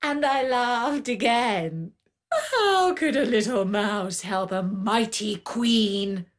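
A stately, proud lioness queen tells her storybook tale, as a woman reads her. She speaks slowly and grandly, with haughty assurance. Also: medium pitch, expressive. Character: proud female lion queen of the plains. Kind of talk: storybook narration in character.

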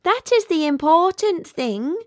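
Brief: woman voicing a prim, practical fire balloon, high and unhurried. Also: lively intonation, dry recording, studio quality.

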